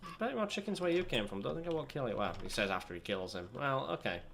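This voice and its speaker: A man's voice: mid-range voice, very animated, fast talker, gravelly, fairly bright tone, slight background noise. A young British man chatting and rambling in a self-deprecating way while commentating his own gameplay. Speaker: gaming channel host. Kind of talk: let's play commentary.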